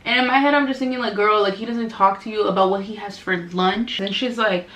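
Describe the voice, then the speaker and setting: A woman's voice: medium pitch, normal speed, few pauses, fairly bright tone, slight background noise. A young woman in a casual storytime vlog, chatty and dramatic, acting out both sides of the conversations she retells. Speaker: beauty vlogger. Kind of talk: casual storytime while doing makeup. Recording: echoey room.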